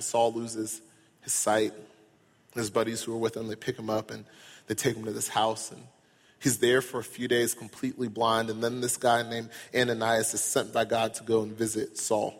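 A man preaching a sermon, animated and at times rising into exclaimed disbelief. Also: mid-range voice. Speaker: pastor. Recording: long hall reverb.

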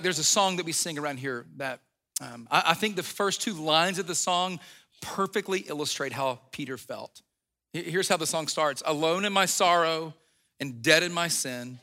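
A man's voice: on the high side, sharp tone, big-room sound. A man preaching a sermon as a pastor, retelling a story in a conversational way, acting out the quotes and often restarting his sentences.

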